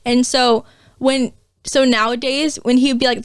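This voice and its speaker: A woman's voice: high-pitched, little pitch movement, smooth, no room sound, clean studio sound. A young woman telling stories in casual chat, stammering now and then and acting out what people said. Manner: quick storytelling, stammers, giggly, acts out quotes.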